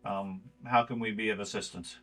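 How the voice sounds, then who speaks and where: A man's voice: on the low side, steady tone, normal speed, a bit bright, natural voice. A man voicing a polished, courteous middle-aged host of a thieves' guild in a tabletop game, over faint music.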